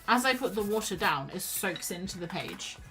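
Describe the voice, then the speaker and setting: A woman's voice: medium pitch, animated, normal speed, over music, poor audio. A woman chatting casually and rambling as she paints on a stream. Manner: chatty, rambling, self-deprecating. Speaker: art streamer. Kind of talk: casual chat while painting.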